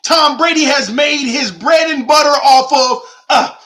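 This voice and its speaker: A man's voice: very high voice, a little slow, pushed and bright. A man hosting his own sports channel, arguing his points emphatically and repeating them for effect in casual commentary.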